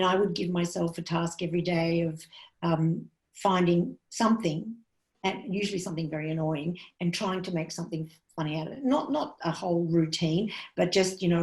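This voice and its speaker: Teaching a class on comedy writing, a woman comedian talks in a chatty, frank way and keeps restarting her sentences. Her voice is fairly low and darkish, with vocal fry, and the room gives off a roomy echo.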